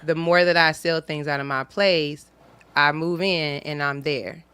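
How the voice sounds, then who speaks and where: A woman's voice: sits low, steady tone, a little slow, fairly bright tone, clean tone. A woman comedian telling a personal story in casual studio chat, acting out the dialogue. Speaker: guest comedian.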